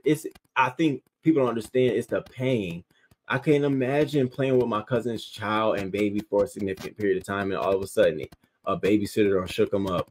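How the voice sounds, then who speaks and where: Low-voiced man ranting on a stream. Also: brisk, rough recording. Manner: emotional, profane, reads viewer comments aloud. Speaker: livestream news host. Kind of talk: casual reaction commentary.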